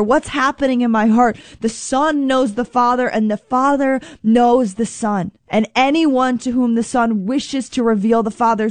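A woman with a fairly high voice preaches a sermon earnestly and emphatically, recorded with no room sound. She repeats key phrases and slows down to drive them home.

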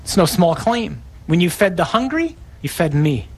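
A man's voice: high voice, very animated, normal speed, husky. A man preaching a sermon, acting out scripture with dramatic shifts in tone.

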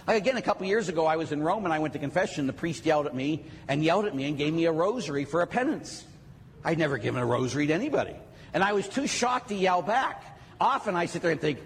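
A middle-aged priest preaching with animated, rising and falling delivery and a playful, joking manner. His voice sits on the higher side for a man. The recording carries a long reverb from a large hall, with faint ambience behind. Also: fast, slight background noise. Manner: lively, joking storyteller with acted asides. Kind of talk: sermon talk.

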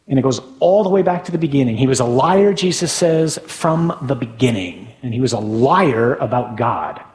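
A man's voice: mid-range voice, a little mellow, in a large hall, rough recording. A man, a Catholic priest, preaching a sermon in a conversational way with tag questions.

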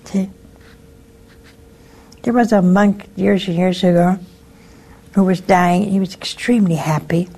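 A woman who is a nun hosts a call-in show, chatting casually with callers about spiritual matters and telling folksy stories about forgiveness, acting out voices in her anecdotes. Her voice is lowish, steady, dark, and husky, and she speaks unhurriedly with long pauses.

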